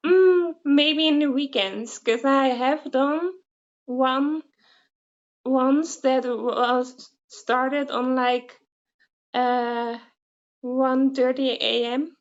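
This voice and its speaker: A woman from the Netherlands hosts a relaxed interview over a video call. Her voice is high and her speech is slow and unhurried. The sound is a little dull, with the lo-fi quality of a web call. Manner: laughs often, short questions. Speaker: interviewer, host. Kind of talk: casual interview chat.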